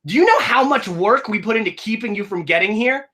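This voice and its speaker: A man puts on a tense armed man in a tabletop game, urging a kid toward him in a lively, bright, rising voice. He sounds pressed and insistent. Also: high-pitched, normal speed, pitched above the performer's own voice. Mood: furious. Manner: urgent, pleading.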